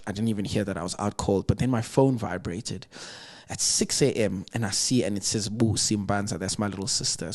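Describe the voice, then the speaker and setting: A young South African man, a podcast guest, earnestly telling a personal story in conversation. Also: fairly low pitch. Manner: earnest, reflective retelling with emotional weight.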